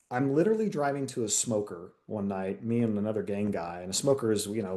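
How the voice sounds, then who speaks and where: A retired detective sergeant from the United States, a man, telling a candid story in a casual interview and acting out the dialogue. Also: on the low side. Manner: candid, animated storyteller who acts out quoted dialogue.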